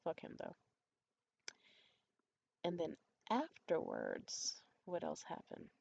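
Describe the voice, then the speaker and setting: Low-voiced woman telling a profane storytime. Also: huge pitch swings, slow pace, gravelly, slight background noise. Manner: candid, profane, conspiratorial storytelling; acts out quoted voices high and loud. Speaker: vlogger. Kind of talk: storytime vlog.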